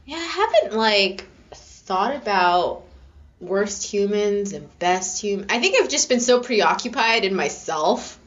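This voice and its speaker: A woman's voice: medium pitch, measured pace, fairly bright tone. A woman in casual chat who gives short teasing replies and laughs often. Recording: dull lo-fi sound.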